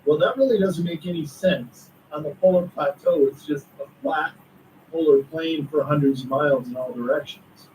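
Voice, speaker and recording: An eager male storyteller who builds his account with asides like "get this." His voice is mellow and a little high. He sounds set back from the microphone, with a faint hiss under the talk. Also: normal speed, distant mic, rough recording. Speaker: author and guest. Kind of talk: conspiracy talk interview.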